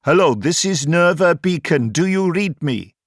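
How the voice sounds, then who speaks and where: A man's voice: on the high side, lively intonation, unhurried, a bit bright, dry recording, studio quality, voice pushed up. A man voicing a sleepy but stubborn male communications technician, raised and insistent. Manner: insistent, dogged.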